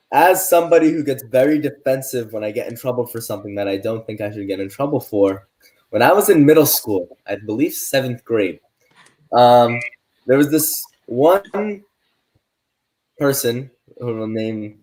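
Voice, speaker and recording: Teen guy telling a story, casual. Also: medium pitch. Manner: animated, acts out quoted adults in his story. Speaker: podcast co-host.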